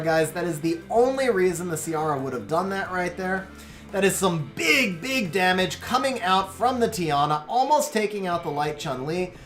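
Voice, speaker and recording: A game streamer doing excitable play-by-play commentary on a match replay, then chatting casually with viewers. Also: mid-range voice, echoey room.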